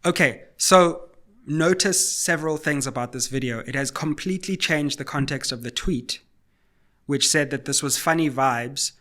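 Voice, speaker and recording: Bright-voiced male commentator. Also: fairly high pitch. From South Africa. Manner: questioning, argumentative, measured. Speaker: political commentary host. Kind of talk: solo political commentary.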